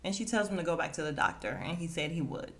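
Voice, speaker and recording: A woman hosting a casual podcast, recapping a TV episode with animated retelling, acting out the characters' lines and laughing often. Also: sits low, quick pace, creaky, slight background noise.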